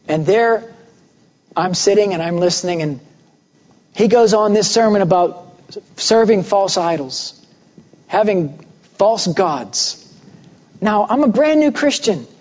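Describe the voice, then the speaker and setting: A man preaching a sermon, telling a personal story with animated voices for the people in it. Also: high-pitched, measured pace, pauses often. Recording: muffled recording with long hall reverb.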